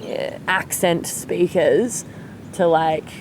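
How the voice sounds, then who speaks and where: An Australian woman with a lowish voice talks in an effusive, casual way and swears freely. A clear rumble of vehicles runs behind her. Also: steady tone, slow, a little mellow, low-quality recording. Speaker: podcast guest. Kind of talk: casual chat.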